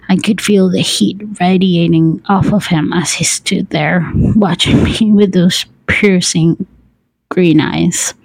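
A woman reading a story aloud in a breathy whispered role-play, laughing softly now and then. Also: lowish voice, no echo, rough recording. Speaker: story reader.

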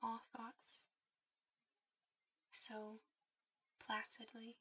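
A woman speaking in a soft, intimate whisper, guiding the listener toward sleep in a whispered role-play. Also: a little high, monotone, extremely slow, breathy edge, poor audio. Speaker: ASMR performer.

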